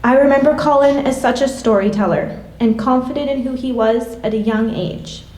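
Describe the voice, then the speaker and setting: A woman in her late thirties reading a prepared memorial tribute in a measured, gentle way. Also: high-pitched. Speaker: classmate giving a memorial tribute. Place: church hall. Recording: echoey hall from a distance.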